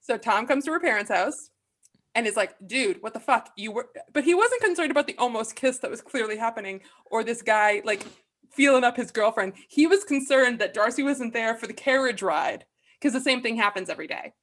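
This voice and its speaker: A young woman chats through a movie plot with her friends, her voice sitting a little high. She tells it with animated, playful energy and drops into silly voices for each character. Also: a little fast. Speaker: podcast co-host. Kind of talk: casual chat recapping a movie.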